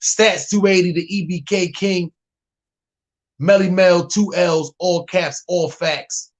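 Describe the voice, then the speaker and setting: A man's voice: high voice, fairly even intonation, slow. A man from New York hosting a live stream reaction, talking in a laid-back way and repeating "man". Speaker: host.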